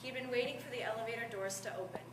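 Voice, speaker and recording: A teenage girl narrating as a reflective teenage girl with cancer in a student stage performance, quiet and measured. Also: a little high, close to an everyday voice. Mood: somber. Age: teens. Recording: echoey room from far off, noisy.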